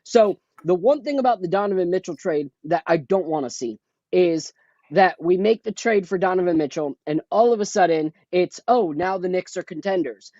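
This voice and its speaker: A man's voice: high-pitched, warm tone, no echo. Podcast co-host, male, opinionated and emphatic, lo-fi dull headset sound, dry. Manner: opinionated, emphatic, makes a point at length. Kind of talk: casual sports podcast chat. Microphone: headphones with a remote mic.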